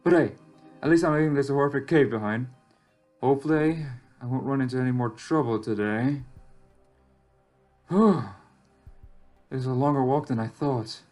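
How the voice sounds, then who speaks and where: A man's voice: mid-range voice, fairly quick, a little mellow, close to an everyday voice. A man reading aloud as a lost, anxious young survivor in a text game, reflective and wry, with faint game music behind. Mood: wary. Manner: reflective, rises sharply when alarmed.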